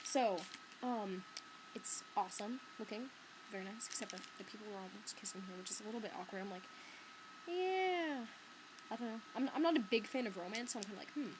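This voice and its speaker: A woman's voice: medium pitch, quick pace. Give me a rambling young woman on a laptop webcam, light hiss in the background. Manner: chatty, filler-heavy, lots of "like" and "um". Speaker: book vlogger. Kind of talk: casual vlog chat. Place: bedroom. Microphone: laptop webcam mic.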